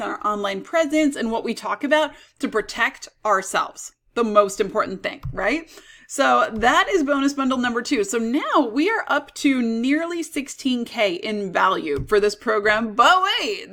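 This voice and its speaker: A woman coach giving an upbeat, persuasive sales pitch for her online course. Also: fairly bright tone. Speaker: business coach.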